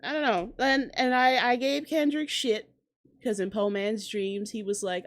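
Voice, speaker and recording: A woman hosting a casual reaction commentary, sarcastic and profane, tossing out quick asides. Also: medium pitch, steady tone. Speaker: commentary host.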